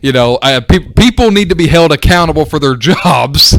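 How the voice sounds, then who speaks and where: A man's voice: a little high, animated, normal speed, a bit bright, dry recording. A young man co-hosting a casual sports podcast, earnest and argumentative, who stammers now and then. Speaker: podcast co-host.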